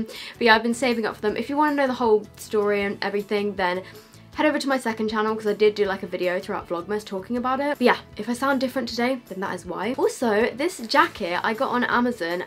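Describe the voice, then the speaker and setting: A woman's voice: medium pitch, a bit bright. A young woman with a slight lisp, chatting casually to camera as a beauty vlogger, with lots of fillers.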